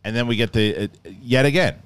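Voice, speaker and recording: A middle-aged man giving a casual, rambling review of a show, often acting out scenes in quick mock voices. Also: medium pitch, fairly bright tone, clear, resonant tone, no echo.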